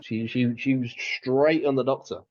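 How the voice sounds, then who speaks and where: A man's voice: medium pitch, steady tone, normal speed, darkish tone, highs cut off. A man co-hosting a podcast, chatting casually and rambling with lots of restarts and fillers. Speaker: podcast co-host.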